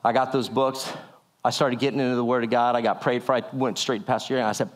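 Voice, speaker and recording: A man giving a sermon-style testimony, telling a story animatedly and acting out the people in it with lowered voices. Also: fairly even intonation, quick pace. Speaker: speaker sharing a testimony.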